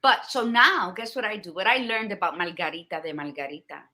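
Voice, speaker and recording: A woman's voice: medium pitch, fairly quick, pushed and bright. A woman in her fifties co-hosting a podcast, talking in a blunt, profane and emphatic way in candid casual chat. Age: 50s. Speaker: podcast co-host.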